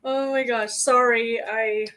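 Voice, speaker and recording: A woman's voice: a little high, steady tone, slow, bright, forceful tone, rough recording. Candid, emotional woman sharing stories. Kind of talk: casual personal chat.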